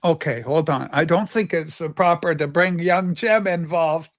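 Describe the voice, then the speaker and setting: Hosting a casual livestream chat, a man teases and exclaims as he banters, shouting "holy smokes" at times. His voice is fairly high and his speed normal.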